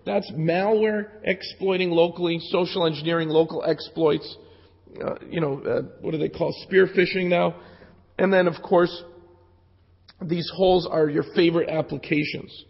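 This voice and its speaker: A man with a raspy, fraying voice walks an audience through a technical talk, tossing in casual jokes. He sits a little high for a man. The lo-fi recording carries a long hall reverb. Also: fairly even intonation, moderate pace. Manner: casual, joking asides to the audience. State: losing his voice from jet lag. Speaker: security conference speaker. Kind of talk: live technical talk with demos. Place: conference hall.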